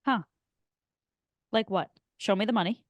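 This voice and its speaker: A woman co-hosting a casual film podcast, chatting with quick reactions and questions. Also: mid-range voice, dry recording. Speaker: podcast co-host.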